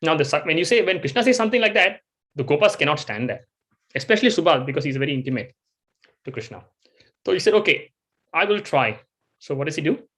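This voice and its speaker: A man giving a devotional storytelling talk, animated and acting out the scenes he tells. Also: on the high side, fast. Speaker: devotional speaker.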